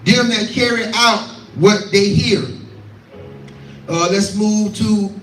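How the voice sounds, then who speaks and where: A man's voice: high-pitched, slow, a bit bright, soft background music. A man preaching a scripture teaching, repeating lines and calling out to his listeners. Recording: echoey room, voice from far off.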